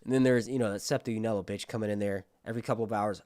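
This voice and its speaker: A man's voice: medium pitch, racing, few pauses. A man hosting a casual livestream, talking in a chatty way and swearing freely. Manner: animated, profane, chatty. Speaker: YouTube host.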